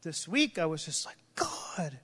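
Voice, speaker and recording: A man's voice: sits high, normal speed. A man preaching an emotional sermon, crying out in prayer and breaking off mid-sentence. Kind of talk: impassioned sermon. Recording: long hall reverb.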